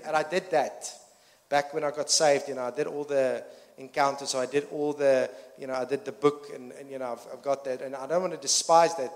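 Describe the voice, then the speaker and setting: Earnest male preacher in echoing hall. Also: on the high side. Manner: earnest, frequent restarts and fillers, rising emphasis. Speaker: pastor. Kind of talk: sermon. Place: church hall. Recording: long reverb of a church hall.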